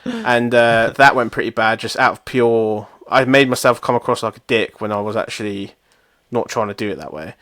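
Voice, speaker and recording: A man's voice: medium pitch, normal speed, few pauses, a bit bright, dry recording, clean studio sound. A young man co-hosting a podcast, telling rambling, self-mocking stories with lots of swearing. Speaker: podcast co-host. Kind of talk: casual chat.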